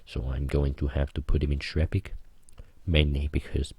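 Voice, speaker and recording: A man with a very deep, dark and husky voice talks slowly through a casual tier-list ranking. He rambles in a deadpan joking way, full of ums and uhs. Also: no room sound. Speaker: online video creator ranking channels.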